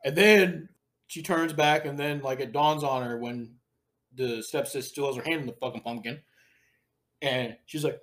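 A man's voice: medium pitch, moderate pace. A male podcast host in easygoing mid-range chat, telling a story with crude language and frequent laughter. His delivery is loose and conversational. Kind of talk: casual chat, retelling a scene.

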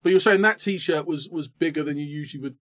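A man in his thirties, co-hosting a comedy podcast with an animated, self-mocking ranting delivery. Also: fairly high pitch, fast talker. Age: 30s. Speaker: podcast co-host. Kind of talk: comic rant in casual chat.

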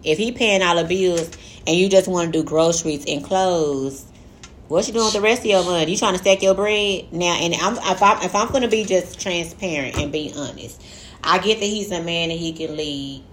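A woman's voice: fairly low pitch, normal speed, a little hiss or hum. A young adult woman co-hosting a podcast, talking in a candid, profane, joking casual way, reading and answering a listener letter. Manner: candid, profane, laughing, loose slangy talk. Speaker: podcast co-host.

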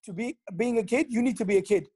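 A man's voice: very high voice, fast, dark tone, breathy edge, no room sound, studio quality. A man talking as a guest in a casual chat, giving emphatic advice. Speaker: guest, businessman.

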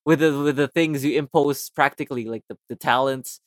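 A man's voice: mid-range voice, a little fast, no echo, studio quality. A young man in casual chat who jumps in eagerly with corrections and details.

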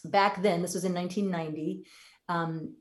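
A woman in her fifties recounts a stretch of her life as a podcast guest, speaking candidly. Her voice sits low, and she briefly takes on the voices of the people in her story. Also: steady tone, moderate pace. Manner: candid, acts out quoted voices. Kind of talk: personal storytelling in an interview.

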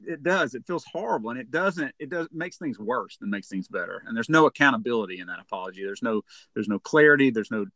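A man's voice: medium pitch, animated, fast, bright, forceful tone, no room sound. A man co-hosting a counseling podcast, explaining in an earnest, conversational way and often repeating words as he speaks.

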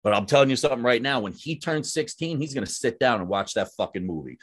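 Husky, animated man swearing casually. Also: medium pitch, fast talker. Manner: animated, swears freely, says "dude" and "like" often. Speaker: podcast host. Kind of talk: casual chat.

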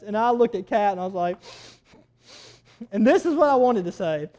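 This man is a pastor narrating a story in a sermon, lively and shifting between loud bursts and soft asides. His voice is very high, his speed normal, and he leaves long pauses.

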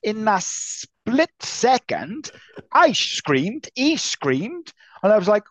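A man co-hosting a casual martial arts podcast, an animated storyteller who swears freely and acts out voices. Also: sits high, slow pace, no room sound. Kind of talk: casual chat.

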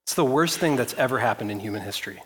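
A man's voice: medium pitch, expressive, fast talker, husky. A man preaching a sermon as pastor, driving his points home through long rhetorical lists and repeated questions.

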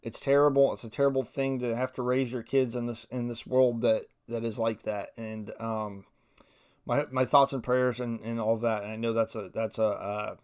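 A man's voice: mid-range voice, level tone, normal speed, smooth. A young man from Ohio hosting a podcast on his own, talking casually in a rambling, self-deprecating way and reading quotes aloud. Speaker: podcast host. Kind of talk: solo casual podcast commentary.

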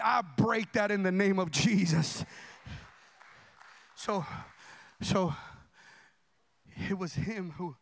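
A male pastor preaching a sermon, fervent and colloquial, moving between hushed talk and shouted declarations. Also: high-pitched, takes it slowly, creaky, long pauses, no room sound.

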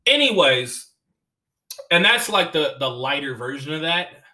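A man hosting a podcast who tells loose, profane stories and laughs along with them. His voice sits a little higher than most men's, with a bright, forceful tone. His delivery is casual and animated throughout. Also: unhurried. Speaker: comedian and podcast host. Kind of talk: casual storytelling chat.

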